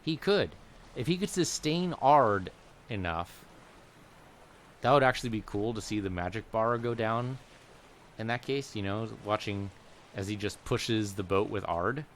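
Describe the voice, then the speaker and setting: A man's voice: lowish voice, unhurried, slight background noise. A man giving casual, rambling commentary while playing a video game, musing aloud as he goes. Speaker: let's play gamer.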